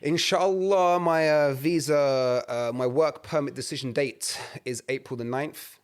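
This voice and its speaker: A young man, talking casually as a podcast co-host. He tells stories in an animated way, packed with slang and swearing. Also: a little high, unhurried, clean tone. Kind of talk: casual chat.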